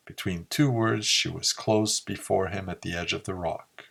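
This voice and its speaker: A man narrating a pulp story in a slow, measured reading. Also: low voice, steady tone, vocal fry, a bit bright. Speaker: audiobook narrator.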